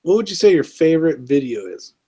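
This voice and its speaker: A man's voice: on the high side, very animated, a little fast, warm tone, slightly rough. A man hosting a casual interview, laid-back and laughing along with his guest. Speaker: host.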